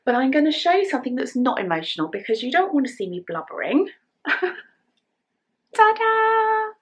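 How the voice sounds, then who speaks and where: A woman's voice: a little high, sing-song, fast. A middle-aged English woman chatting to camera in a casual knitting vlog, emotional and close to tears, her voice often dropping to a whisper. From England. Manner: chatty, emotional, soft-spoken, drops to whispers. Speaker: knitting vlogger.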